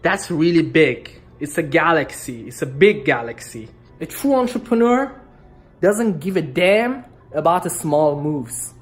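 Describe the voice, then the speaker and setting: A woman's voice: sits low, lively intonation, unhurried, soft background music. A woman from Iran talking casually to camera about business, rambling and joking, tagging lines with "okay?". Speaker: vlogger. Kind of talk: casual motivational monologue to camera.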